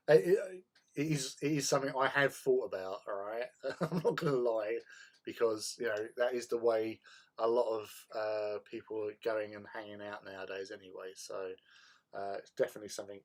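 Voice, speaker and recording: A man with a fairly low voice hosts a laid-back hobby livestream, chatting easily and replying to viewers in the chat as he paints. He tends to repeat words while he thinks.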